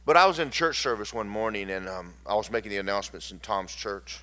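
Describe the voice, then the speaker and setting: A man preaching a sermon, swinging from loud declarations to hushed, tender storytelling. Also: fairly low pitch, fast.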